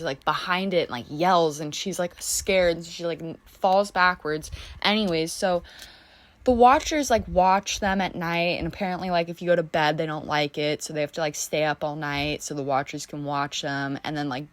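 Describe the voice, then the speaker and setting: A woman's voice: deep voice, no echo. A young American woman vlogger chatting casually while she draws, rambling with lots of "like" and restarts. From United States. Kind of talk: casual chat while drawing.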